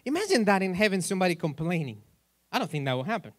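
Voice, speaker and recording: A man's voice: high voice, sing-song, fast talker, no echo, clean studio sound. A male pastor preaching in a church in a loose, joking way, asking the congregation questions as he goes. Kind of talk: sermon.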